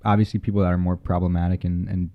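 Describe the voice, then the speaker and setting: A man's voice: sits low, little pitch movement, fast, narrow, tinny audio. A man co-hosting a podcast in casual chat, easygoing and rambling as he tells stories. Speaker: podcast co-host.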